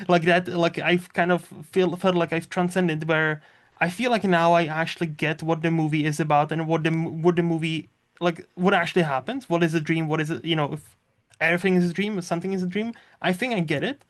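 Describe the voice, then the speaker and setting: A podcast host talks about movies in a loose, rambling, casual way, packed with fillers and frequent swearing. His voice is a little high, steady in tone and brisk.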